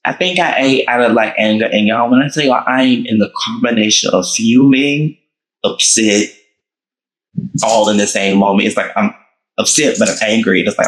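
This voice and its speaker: A man hosting his own show, telling a dramatic personal story to his viewers in a casual, animated way. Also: lowish voice, normal speed, rough recording. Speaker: host.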